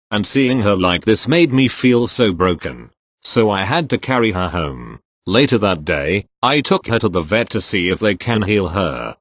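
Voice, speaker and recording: A male story reader narrates online posts from a script in a matter-of-fact way, spelling out every abbreviation. His voice is fairly low yet moves a lot in pitch. The recording is dry and close-miked, with no room sound.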